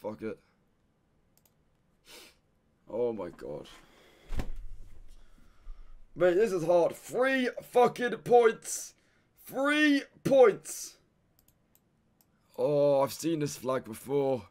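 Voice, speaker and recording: A man's voice: fairly high pitch, huge pitch swings, drawn-out words, long pauses, a little mellow. A young man streaming a guessing game, frustrated and swearing, tacking "mate" onto almost everything he says. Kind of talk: casual live-stream gameplay commentary.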